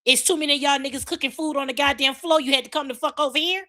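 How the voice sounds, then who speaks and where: A woman's voice: high voice, steady tone, rapid-fire, pushed and bright. A woman delivering a furious, profane rant packed with repeated rhetorical questions.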